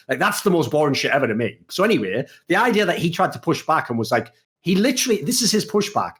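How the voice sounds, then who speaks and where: A man's voice: lively intonation, fairly quick, fairly bright tone. A man hosting an esports podcast, ranting in a casual, profane way and acting out what other people say. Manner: acts out quoted people with big pitch jumps. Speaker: podcast host.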